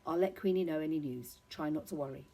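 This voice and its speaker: A woman voicing a kind, practical young man in a storybook reading, calm and firm. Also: deep voice, fast talker.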